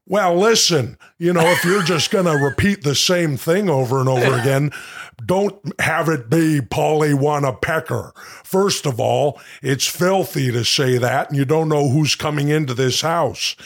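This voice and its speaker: A man doing an impression of a gruff, blustering older tough guy, ranting with indignant mock-patriotic bluster in an improvised comedy bit. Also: fairly high pitch, unhurried. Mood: lecturing. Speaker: comedy podcast host.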